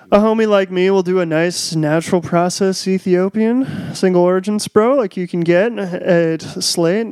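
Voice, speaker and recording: A man's voice: sits high, darkish tone, smooth, no echo. A young man in casual chat, riffing and mocking with lots of swearing.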